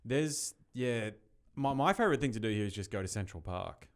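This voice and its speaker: A man with a fairly low voice hosts a relaxed podcast chat. He sounds easygoing and offers advice in a loose, unhurried way, often breaking into laughter. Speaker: podcast host. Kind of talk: casual podcast interview.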